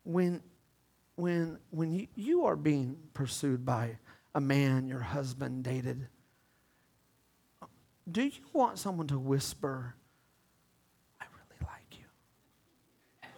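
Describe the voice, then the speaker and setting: A male pastor preaching a sermon in a lively, playful way, talking with the congregation and swinging between hushed and loud delivery. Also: on the high side, unhurried, gravelly, husky. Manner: animated, swings from whispers to shouts.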